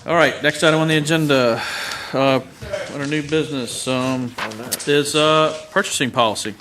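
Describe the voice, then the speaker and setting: Man chairing a public meeting, relaxed, joking, noise behind. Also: fairly high pitch, normal speed. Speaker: board chairman.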